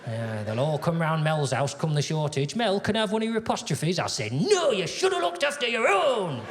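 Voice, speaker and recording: A man voicing a fussy, indignant man who hoards things, muttering slowly. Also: a little high, expressive, lightly acted. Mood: grumbling. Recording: reverberant hall with audience noise.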